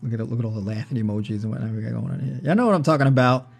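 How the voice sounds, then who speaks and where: A man of middle pitch hosting a livestream on a personal mic. He talks in a loose, joking, conversational way and keeps checking in with "right?" and "you know". Faint music plays quietly behind him. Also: rapid-fire, creaky. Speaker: livestream host. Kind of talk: casual livestream chat on diet.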